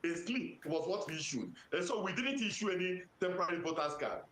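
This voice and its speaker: A man with a Nigerian accent, an electoral commission official giving formal, measured answers to press questions and citing legal sections methodically. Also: sits high, expressive, fairly bright tone. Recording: roomy echo.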